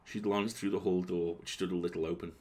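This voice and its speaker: A man reading a classic story aloud as a bedtime story, in a calm, measured, gravelly voice. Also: low voice.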